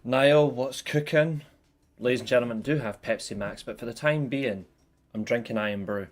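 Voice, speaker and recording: A man's voice: lowish voice, a little fast. A man hosting a wrestling review livestream, chatting casually and jokingly with viewers, greeting them by name. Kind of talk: casual live chat to viewers.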